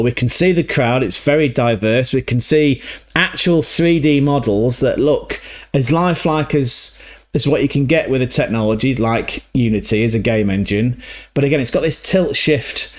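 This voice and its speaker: A man giving casual, animated commentary on a game trailer, swearing freely, laughing mid-sentence and often checking in with "right?". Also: medium pitch. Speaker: reaction video host.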